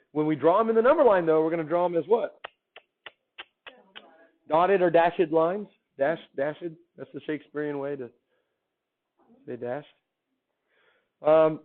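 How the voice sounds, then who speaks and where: Upbeat man teaching a class, phone-quality sound. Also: on the high side. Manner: upbeat, quizzing students with questions. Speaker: math teacher. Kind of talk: classroom lecture.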